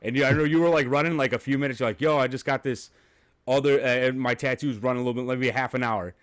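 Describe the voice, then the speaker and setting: Chatty male podcast host, mid-pitched. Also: fairly even intonation, fast talker. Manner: chatty storyteller, laughs a lot, swears casually. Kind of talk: casual chat.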